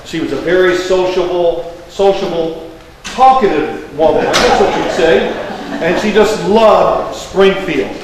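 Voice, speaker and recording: A man's voice: high voice, measured pace, background noise. A man in his sixties with a Kentucky accent, giving a folksy, joking speech as guest of honor. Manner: folksy, joking, rambling anecdotes. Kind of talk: public speech. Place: large indoor hall. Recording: echoey hall, distant mic, faint background.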